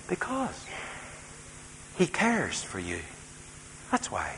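A man preaching a sermon as a storyteller, moving between soft, quiet passages and loud, emphatic ones. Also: sits high, huge pitch swings, takes it slowly, pauses often. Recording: reverberant hall, faint background noise.

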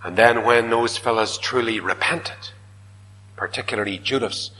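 Preacher in a reverberant hall. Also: male voice, mid-range voice, normal speed, slight background noise. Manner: dramatic, swinging from loud declaiming to hushed whispers. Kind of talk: sermon.

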